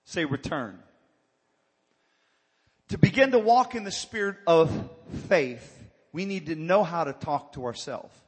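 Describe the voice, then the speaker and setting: Husky preacher man in a reverberant hall. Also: high-pitched, very animated, moderate pace, hardly any pauses. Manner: call-and-response preaching, rising to fervent exhortation. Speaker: pastor. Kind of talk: sermon.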